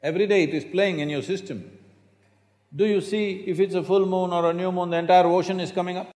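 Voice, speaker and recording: A man's voice: high-pitched, fairly even intonation, fairly quick, darkish tone. A man gives a spiritual talk in a lecture hall, emphatic and fond of rhetorical questions and dry humor. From India. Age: 60s. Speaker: spiritual teacher. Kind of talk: public talk to an audience. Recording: reverberant hall.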